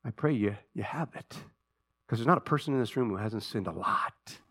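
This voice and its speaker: A man preaching a sermon in a church. He speaks earnestly, builds to impassioned emphasis, then drops to a quiet, prayerful voice. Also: fairly low pitch, lively intonation, brisk, husky. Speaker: pastor. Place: church sanctuary.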